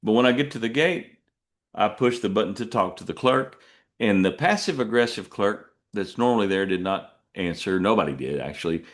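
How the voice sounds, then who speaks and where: A man's voice: expressive, moderate pace. A middle-aged man, a truck driver hosting a podcast, telling stories in a rambling, self-deprecating way with many restarts. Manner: puts on jumpy high voices when quoting people. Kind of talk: casual storytelling monologue.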